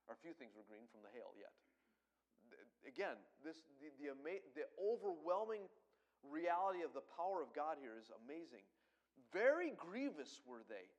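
A middle-aged man preaching a sermon, animated, swinging between loud emphasis and soft asides. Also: a little high, rough recording. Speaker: pastor.

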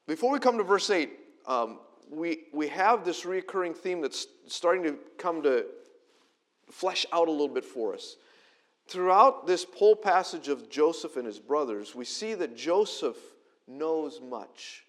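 Animated, conversational middle-aged pastor. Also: male voice, on the high side, measured pace. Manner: conversational, animated, self-deprecating. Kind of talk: sermon.

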